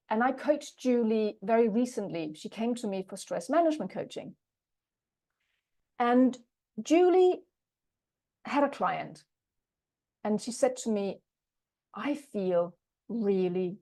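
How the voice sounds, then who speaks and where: A woman's voice: fairly high pitch, darkish tone. A woman project management coach giving a webinar talk, telling stories about clients she has coached. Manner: storytelling with quoted coaching dialogue.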